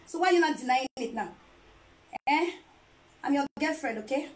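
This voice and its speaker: A woman's voice: high voice, animated, moderate pace, rough recording. A woman chatting casually to camera as a vlogger, playful and teasing, laughing often. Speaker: vlogger and mother.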